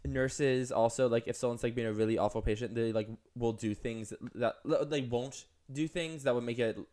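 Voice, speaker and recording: A young woman co-hosting a casual podcast, teasing and animated, telling stories with quoted voices. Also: extremely low pitch, moderate pace. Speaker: podcast co-host. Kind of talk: casual chat.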